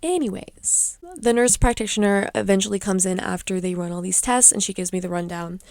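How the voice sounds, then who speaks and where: A woman's voice: mid-range voice, fairly quick, darkish tone, no room sound. A young woman hosting a podcast, rambling through a chatty story in a casual way. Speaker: podcast host. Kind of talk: casual chat.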